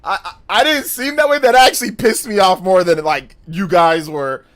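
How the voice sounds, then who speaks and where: A man's voice: sits high, moderate pace, a bit bright. A man live-streaming a game, chatting casually, rambling and laughing often.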